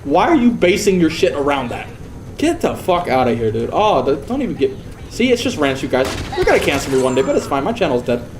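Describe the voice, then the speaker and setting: A man's voice: fairly high pitch, big pitch swings, quick pace, a little hiss or hum. Heated, foul-mouthed male streamer rant. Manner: profane, heated ranting with mocking impressions. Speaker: live streamer. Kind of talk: casual livestream rant.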